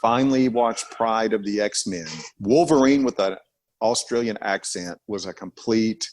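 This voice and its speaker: A man co-hosting a podcast in casual chat, animated, slipping into voices when he retells something. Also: fairly low pitch, measured pace, slight background noise. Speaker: podcast co-host.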